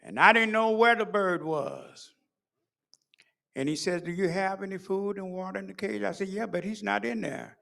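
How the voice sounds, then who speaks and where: A middle-aged man giving a sermon in a preaching cadence, moving from hushed storytelling to shouted peaks. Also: high-pitched, moderate pace, creaky. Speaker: pastor.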